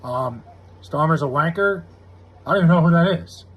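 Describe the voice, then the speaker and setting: A man's voice: fairly high pitch, normal speed, husky, narrow, tinny audio. An American man live-streaming, chatting loosely and profanely with viewers, full of "like" fillers. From United States. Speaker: live streamer reading chat. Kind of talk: casual rambling chat.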